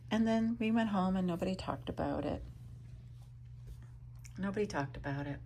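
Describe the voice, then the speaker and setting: A woman's voice: medium pitch, normal speed, gravelly, long pauses, slight background noise. Older woman murmuring stories to her cat. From Canada. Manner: rambling, often drops to a soft whisper. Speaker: vlogger talking to her cat. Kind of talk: casual storytelling to a pet.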